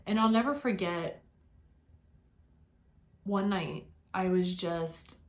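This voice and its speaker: A woman's voice: fairly low pitch, takes it slowly. Earnest woman in her forties telling her story. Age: 40s. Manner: earnest, reflective, with many fillers and restarts. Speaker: vlogger sharing her life story. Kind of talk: personal storytelling to camera.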